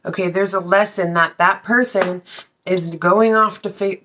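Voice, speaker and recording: A woman's voice: medium pitch, fairly even intonation, a little slow, a bit bright, a little hiss or hum. A woman reading tarot in a casual, blunt way, swearing freely and talking straight to her viewers. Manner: blunt, swears freely, breaks into sung lines. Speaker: tarot reader.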